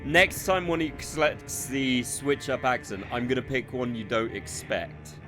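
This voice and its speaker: A man's voice: mid-range voice, lively intonation, moderate pace. A male game streamer chats and jokes while he plays, teasing his co-host and now and then trying on put-on accents. Game music plays underneath his voice. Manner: joking, teasing, puts on accents. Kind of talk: casual game-stream commentary.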